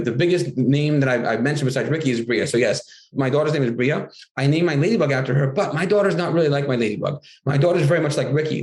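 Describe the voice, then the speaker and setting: A middle-aged man, a guest author in casual interview talk, animated and acting out his classroom dialogue in a raised voice. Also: fairly high pitch. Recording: roomy echo.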